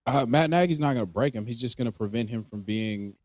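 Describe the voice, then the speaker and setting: Animated ranting man, dry sound. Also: mid-range voice, quick pace, dry recording. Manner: animated, ranting, swears freely. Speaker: podcast co-host. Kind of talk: casual fantasy football chat.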